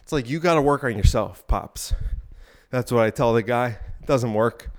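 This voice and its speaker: A man's voice: medium pitch, moderate pace. Ranting young man, crude and rambling. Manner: crude, ranting, profane, with frequent asides; talking while exercising on an elliptical. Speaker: podcast host. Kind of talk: rambling solo podcast talk.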